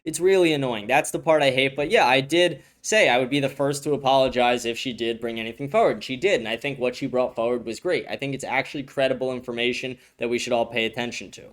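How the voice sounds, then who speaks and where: A man's voice: medium pitch, fast talker, hardly any pauses. Profane ranting male livestream host. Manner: blunt and profane, lots of filler "like"; ranting, talks in restarts. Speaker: host of a livestream news show. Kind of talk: casual livestream commentary, answering chat.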